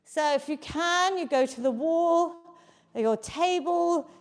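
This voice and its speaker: A woman fitness coach leads a live home workout from her basement. Her voice sits high and she takes her time, counting reps and cheering everyone on. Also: slow pace. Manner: encouraging, counts reps aloud. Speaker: fitness instructor.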